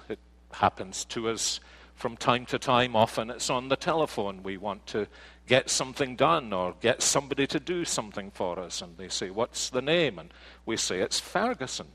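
A man's voice: on the low side, moderate pace, fairly bright tone, rough recording. A man preaching a sermon, earnest, with rhetorical questions and homely anecdotes. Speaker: pastor.

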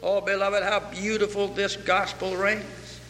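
A man's voice: sits high, little pitch movement, a little slow, pushed and bright, slight background noise. A man preaching a sermon with fervor, repeating phrases and quoting scripture in old English. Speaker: pastor. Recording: reverberant hall.

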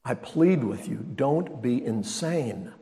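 A man's voice: mid-range voice, expressive, slow. Older male pastor preaching in echoey hall. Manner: emphatic preaching, swinging from loud exclamations to quiet asides. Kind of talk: sermon. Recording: long reverb of a large hall.

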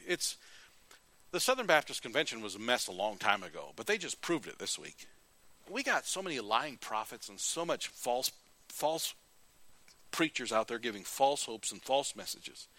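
A male preacher giving a sermon, retelling scripture in an animated, folksy storytelling way. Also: mid-range voice, dry recording.

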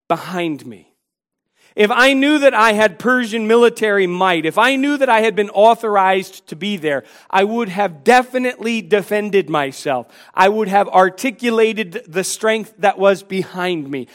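A man's voice: high-pitched, fairly bright tone. A man preaching a sermon, earnest, acting out the taunts of mockers and the words of biblical figures.

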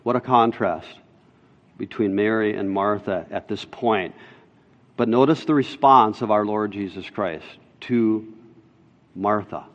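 A man's voice: on the low side, measured pace, muffled recording. A man preaching a sermon as pastor, emphatic, repeating his key lines for emphasis. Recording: long reverb of a large hall.

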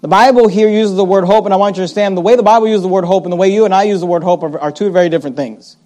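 A man preaching a sermon, slowing down to stress scripture and voicing imagined questions from his listeners. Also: high-pitched, mellow. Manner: emphatic, slows down to stress scripture; quotes imagined listeners in a rising voice.

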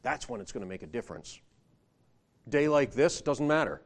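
Speaking at normal speed with a medium pitch and big pitch swings, a man preaches a sermon in conversational style. His listeners hear many rhetorical questions, and he rises in emphasis when quoting scripture.

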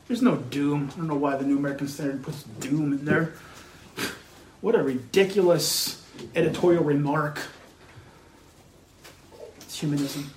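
A man's voice: high-pitched, animated, a little slow, pauses often, fairly bright tone, echoey room, slight background noise, low-quality recording. A man preaching a sermon as pastor, earnest and emphatic, building his points through repeated phrases.

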